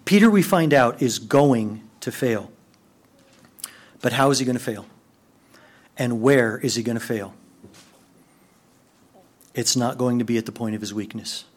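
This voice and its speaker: A man preaching a sermon, moving between quiet, hushed passages and excited, raised outbursts. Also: mid-range voice, a little slow, long pauses. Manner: animated, swings from hushed to excited. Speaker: pastor.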